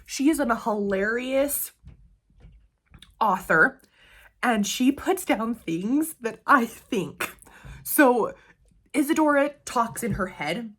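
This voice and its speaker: A woman's voice: mid-range voice, fairly bright tone. A woman chatting casually about books she has read, laughing often as she talks. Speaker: book reviewer. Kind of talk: casual book review chat.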